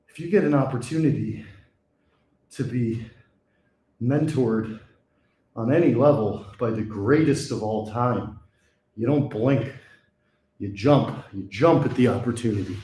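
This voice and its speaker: A man's voice: mid-range voice, dark tone, reverberant. Breathless man talking mid-workout. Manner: talks between sets, sighing and out of breath. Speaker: fitness vlogger. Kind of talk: casual talk during a workout. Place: small gym, indoors.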